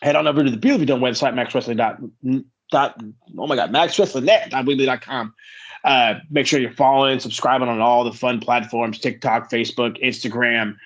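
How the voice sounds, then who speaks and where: A man's voice: mid-range voice, fairly even intonation, fairly bright tone, highs cut off. Chatty male podcast host. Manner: chatty, plugging socials with quick asides. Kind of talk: casual podcast outro.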